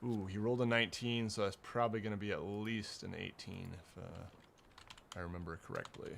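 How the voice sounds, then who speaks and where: A man running a tabletop game as game master, unhurried and hesitant with many fillers. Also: on the low side, fairly even intonation, creaky, noisy background.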